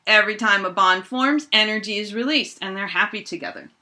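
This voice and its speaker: A middle-aged woman teaching a high school chemistry lesson, playfully acting out reactions with toy bears. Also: brisk. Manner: animated, acts out toy bears in squeaky voices. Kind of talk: playful classroom lesson with toys.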